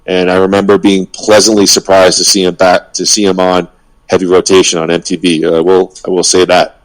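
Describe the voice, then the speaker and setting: A man's voice: deep voice, level tone, brisk, low-quality recording. A man co-hosting a casual music podcast, talking with fillers and restarts and reading quotes aloud in a mock pompous voice. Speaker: podcast co-host.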